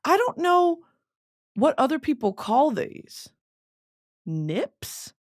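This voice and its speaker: A woman's voice: high voice, very animated, takes it slowly. A young woman with a Southern US accent hosting a casual solo podcast chat, rambling and swearing through flustered outbursts. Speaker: podcast host.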